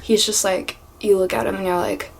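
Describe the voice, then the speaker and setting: A young woman tells stories from her job in a loose, animated storytime vlog and swears freely along the way. Her pitch sits right in the middle for a woman. A faint steady hum runs under her voice. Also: normal speed. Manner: animated, swears freely, drops to whispers for asides. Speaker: vlogger. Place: home room with a fan.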